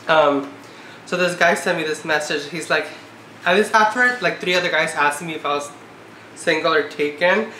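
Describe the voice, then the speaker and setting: Young woman in her twenties, casual vlog chat, lots of "like", bright edgy voice, echoey room. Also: fairly low pitch, brisk, a little hiss or hum. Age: 20s. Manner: chatty, full of "like", exasperated. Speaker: vlogger.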